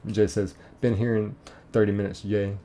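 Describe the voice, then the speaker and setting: A man's voice: fairly low pitch, little pitch movement, normal speed, mellow, a little hiss or hum. A man streaming a game, casually reading chat messages aloud, laid-back and chuckling.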